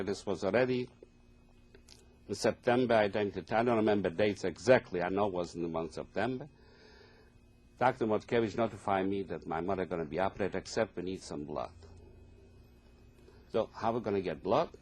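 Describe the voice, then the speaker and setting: An elderly man, recounting his past in a slow, halting oral history testimony. His voice is husky and sits fairly low, and his English has the plain, phrasing of someone who learned it later in life. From Poland. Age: older, 80s. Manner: halting, plain non-native phrasing, deeply earnest. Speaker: Holocaust survivor giving testimony.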